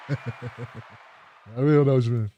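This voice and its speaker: A man's voice: mid-range voice, steady tone, a little slow, mellow, lo-fi sound. A middle-aged man hosting a live commentary show, ranting in a heated, profane, mocking way.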